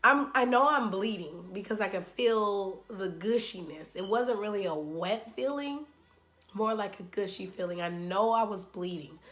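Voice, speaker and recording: A woman talks candidly in a relaxed vlog storytime, filling her sentences with "like" and "literally" as she acts out key moments. Her voice sits at a middle pitch for a woman. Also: measured pace. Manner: chatty and candid, peppered with fillers like "like" and "literally", dramatizing moments. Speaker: vlogger.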